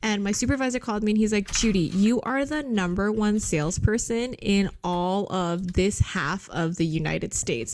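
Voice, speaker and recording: A woman's voice: medium pitch, normal speed, hardly any pauses. A woman in her thirties, co-hosting a podcast, telling a story in casual chat with lots of laughter and swearing. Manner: animated, profane, laughing storyteller. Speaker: podcast co-host.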